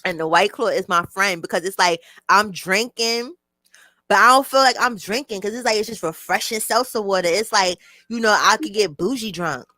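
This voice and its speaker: Bright-voiced woman hosting a livestream. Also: medium pitch, normal speed, no room sound. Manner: chatty, laughs often, talks to chat. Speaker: livestream host. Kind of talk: casual livestream chat.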